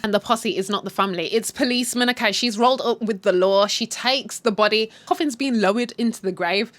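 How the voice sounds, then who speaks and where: A young adult woman retelling a TV series in a casual, animated, slangy way. She swears freely and laughs along with her own commentary. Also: fairly high pitch, fairly quick. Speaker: show recap host. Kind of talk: casual spoken story recap.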